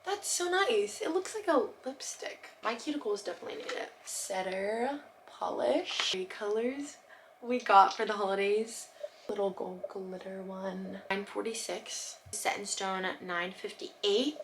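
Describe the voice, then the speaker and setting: A young woman vlogging as she unboxes gifts, gushing and excitable, sometimes dropping to a soft whisper. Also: medium pitch, a little slow. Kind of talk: casual unboxing vlog. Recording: noticeable background noise.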